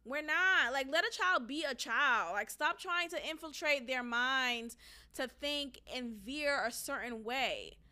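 High, bright-voiced outspoken woman podcaster. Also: expressive, measured pace, clean tone. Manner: blunt and profane, laughing often. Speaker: podcast host; former teacher. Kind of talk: casual opinionated commentary.

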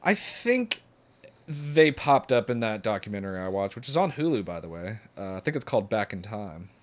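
A man's voice: fairly low pitch, a little fast. Joking young man chatting. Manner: joking, animated asides. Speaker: podcast co-host. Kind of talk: casual chat watching a movie.

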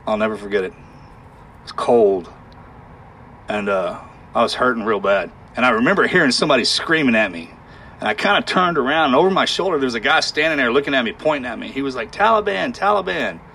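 A man telling a harrowing war story in conversation, halting and emotional, with sighs and restarts. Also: mid-range voice, pushed and bright, slight background noise.

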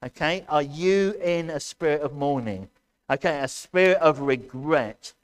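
A man preaching a sermon as pastor to his church, loud and impassioned, asking his congregation questions as he goes. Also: on the high side, measured pace. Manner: addresses congregation directly, asks questions.

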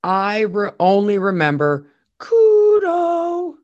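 Man, podcast co-host, ex-radio host, casual joking chat, very lively intonation. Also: high-pitched, slow pace, muffled recording. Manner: jokey, breaks into loud laughing exclamations.

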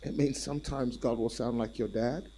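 A male preacher giving a sermon in an animated, repetitive way and calling out to the congregation. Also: mid-range voice, normal speed, husky, low-quality recording.

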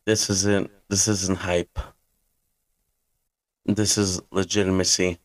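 Young guy podcast host, low voice, talks slow, all fired up about his team, cusses some. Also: flat delivery. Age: 20s. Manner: hyped-up, blunt fan rant with swearing. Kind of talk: fantasy football podcast rant.

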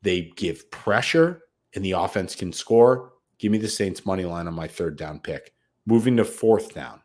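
Brash guy on a betting podcast, swearing a lot, lowish voice, hyped about his picks. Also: lively intonation, moderate pace, a little mellow. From United States. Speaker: podcast co-host. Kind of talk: casual sports betting chat.

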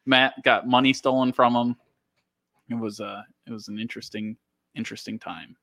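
A man's voice: medium pitch, steady tone, normal speed, sharp tone, no room sound. A young man telling an anecdote in a casual chat, laughing and acting out what people said. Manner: laughing storyteller, acts out quotes. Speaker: storyteller guest.

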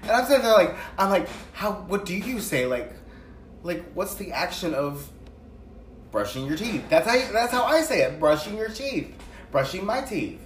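Chatty guy with a lively, bouncing delivery, heard a bit off-mic in a noisy, echoey room. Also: high voice, normal speed, distant mic. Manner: chatty, animated storytelling. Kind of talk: casual chat while doing makeup.

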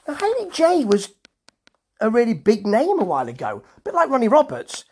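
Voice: mid-range voice, wildly swooping pitch, brisk, darkish tone, husky. A reviewer casually running through a wrestling show, dropping dry, sardonic asides.

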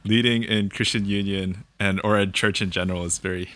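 A young man calmly sharing his faith story in conversation, thinking aloud and often checking in with "right?". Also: lowish voice, fairly quick. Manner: reflective, thinks aloud with fillers and repeated "right?". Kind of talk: casual conversation about faith.

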